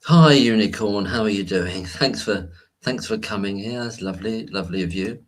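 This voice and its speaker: A man's voice: on the low side, normal speed. A man hosting a casual livestream from home, talking in a rambling, hesitant way with many restarts as he greets viewers in the chat. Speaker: livestream host. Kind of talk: casual live-stream chat.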